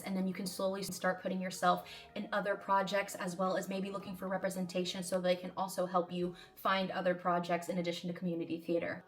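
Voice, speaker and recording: A woman's voice: lowish voice, fairly bright tone. A woman actress answering viewer questions in an advice vlog, speaking in an earnest, encouraging, direct way.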